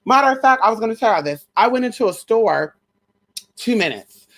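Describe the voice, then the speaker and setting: On the high side and fairly quick, this woman's voice is expressive as she hosts a live stream. The talk is casual spiritual gossip about celebrities, delivered with brashness, slang, and lots of swearing.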